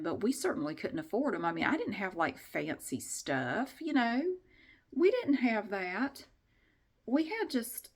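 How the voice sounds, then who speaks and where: A middle-aged woman vlogging in a casual, rambling way, frank and chatty, often restarting her sentences and swearing mildly. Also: on the high side. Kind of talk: casual vlog chat.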